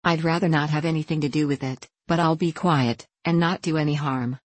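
A woman voicing a young country girl who speaks plainly and earnestly, in a low voice. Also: fairly even intonation, fairly quick, dry recording. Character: frank, well-mannered country girl, earnest.

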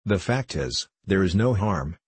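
A man reading the part of a disguised playwright who speaks softly and pleadingly. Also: sits low, animated, unhurried, breathy edge, dry recording, full character voice. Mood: hushed. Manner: soft, pleading.

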